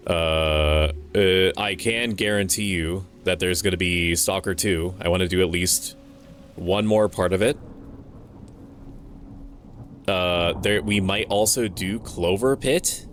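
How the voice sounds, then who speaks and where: A man's voice: deep voice, takes it slowly, fairly bright tone, a little hiss or hum. A man streaming a game, chatting casually with viewers, swearing and thinking aloud as he plays. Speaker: VTuber streamer. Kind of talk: casual gameplay commentary.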